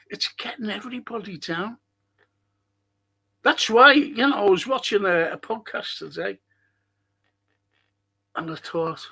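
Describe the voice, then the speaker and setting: A man hosts a live podcast, talking off the cuff and swearing freely. His voice sits a little high for a man and carries a rough, gravelly fry. He rambles through his stories and answers his viewers' comments as they come. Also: unhurried, pauses often, pushed and bright. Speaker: podcast host. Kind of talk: casual live-stream chat reading comments.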